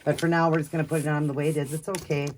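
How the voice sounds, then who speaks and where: A woman's voice: low-pitched, level tone, racing, noisy background. A woman vlogging as she cares for a baby doll, chatting in a soothing way and often repeating herself. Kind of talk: casual doll-care vlog. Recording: loud baby crying behind.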